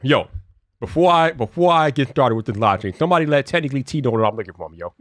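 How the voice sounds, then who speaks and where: A man hosting a casual live stream, greeting viewers one by one by name, laughing often and muttering to himself as he fiddles with his software. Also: mid-range voice, lively intonation, fast, dry recording, studio quality.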